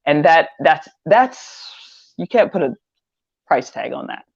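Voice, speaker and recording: A woman's voice: sits low, slow pace, slightly rough, dry recording, muffled recording. An older woman, a guest in an interview, telling her story in a loose, rambling way, repeating words as she goes. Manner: rambling, repeats words, animated when quoting others. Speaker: interview guest, online seller.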